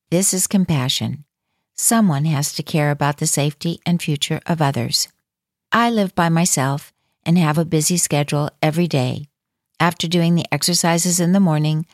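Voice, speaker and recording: A woman with a low voice reads a first-person account in calm, measured scripted narration. Her voice sounds dry and close, with no room around it. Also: no room sound.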